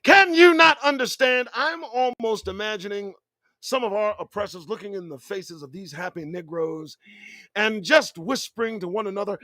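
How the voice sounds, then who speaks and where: A man's voice: high voice, moderate pace, no echo. A man hosting his own show, delivering a profane commentary monologue full of rhetorical questions. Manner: animated, swearing, rhetorical questions. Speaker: show host.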